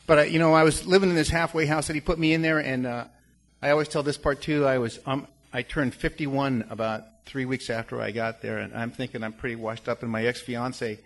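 A man's voice: mid-range voice, gravelly. A man in his fifties telling his recovery story to a support group, rambling with restarts and fillers. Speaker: recovery meeting speaker. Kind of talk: personal testimony to a recovery group.

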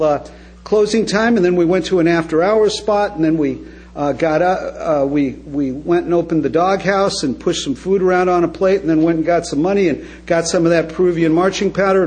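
A man's voice: high-pitched, darkish tone, low-quality recording. A man speaking at a recovery meeting, telling his story to the audience with wry, comic timing and frequent direct asides to them.

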